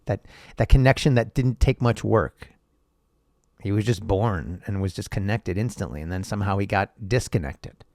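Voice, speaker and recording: A man's voice: fairly low pitch, normal speed, vocal fry, dark tone, no room sound, studio quality. A man hosting a podcast, reading old texts aloud and riffing on them in a profane, sarcastic, rambling way. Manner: profane, sarcastic, rambling, laughs at own jokes. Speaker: podcast host.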